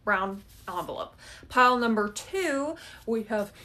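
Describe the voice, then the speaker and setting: A woman's voice: fairly high pitch, expressive, measured pace, pushed and bright. A woman giving a casual pick-a-card tarot reading. She talks in a chatty way, keeps checking in with "okay?" and swears casually. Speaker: tarot reader.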